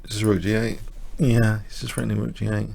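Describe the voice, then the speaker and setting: A tired man commentating his own blitz chess game live, muttering self-deprecating remarks and clearing his throat. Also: fairly low pitch, little pitch movement, a little fast, darkish tone, slight background noise. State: slightly exhausted, coughing. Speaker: chess streamer.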